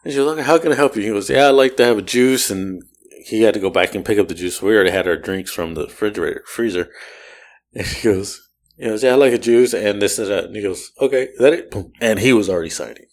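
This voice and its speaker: A man hosting a podcast, telling a story in casual chat, animated and profane, laughing often and imitating the people he describes. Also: fairly low pitch, quick pace. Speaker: podcast host.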